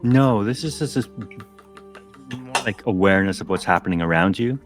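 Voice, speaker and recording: Low-voiced man running a tabletop game. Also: moderate pace. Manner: relaxed, hesitant with fillers. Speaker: game master. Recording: faint music behind.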